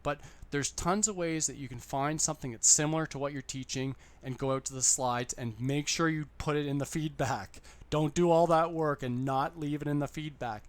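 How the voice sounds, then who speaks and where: A man who teaches English online, giving fellow teachers tips in an upbeat, chatty talk that keeps repeating its points. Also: fairly high pitch. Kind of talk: casual how-to talk to camera.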